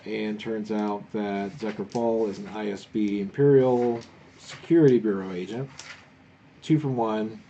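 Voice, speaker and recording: A man's voice: on the low side, steady tone, a little slow, warm tone, highs cut off, slight background noise. A man running a tabletop game as game master, recapping and narrating in a laid-back way.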